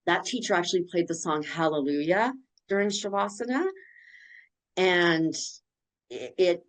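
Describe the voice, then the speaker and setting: Woman, podcast guest, candid personal story, emotional, blunt, lowish voice. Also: animated, unhurried, rough recording.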